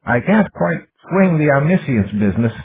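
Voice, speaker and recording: Brief: man doing a childlike computer mind, raised and lively, slow wondering lines, tinny lo-fi audiobook recording. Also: fairly high pitch, pitched above the performer's own voice. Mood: musing. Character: young curious male computer intelligence.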